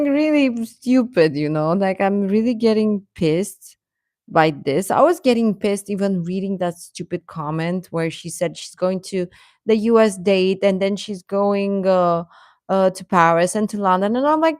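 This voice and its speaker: Young woman hosting a fan livestream, slow-talking, laughs a lot, dry close mic. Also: medium pitch, darkish tone, no echo. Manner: chatty, laughing often, exasperated rants. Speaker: livestream host reading chat. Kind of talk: casual chat.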